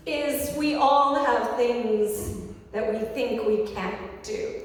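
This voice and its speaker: A woman minister giving a sermon, reflective and unhurried in her storytelling. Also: a little high, steady tone, noisy background. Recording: echoey hall from far off.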